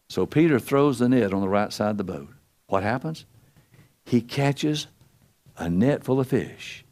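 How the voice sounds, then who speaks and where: An older man preaching a sermon in a folksy, storytelling way, acting out the quotes he tells with wide swings in pitch and loudness. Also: expressive, unhurried.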